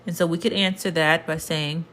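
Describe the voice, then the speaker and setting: A woman teaching a casual livestream lesson, explaining patiently and repeating words slowly. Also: low-pitched, steady tone, a bit bright, slight background noise. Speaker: Spanish teacher.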